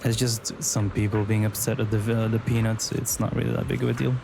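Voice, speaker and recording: A man's voice: on the low side, flat delivery, fairly quick, vocal fry, over music. Chatty young male streamer gushing. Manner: chatty, joking, gushing about designs. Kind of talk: casual live-stream commentary.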